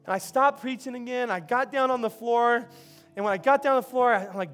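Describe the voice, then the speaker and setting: Male pastor, high voice, chatty storytelling sermon, stumbles and repeats words, faint music under him. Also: a little fast, a bit bright. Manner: conversational, repeats words and restarts, chuckles.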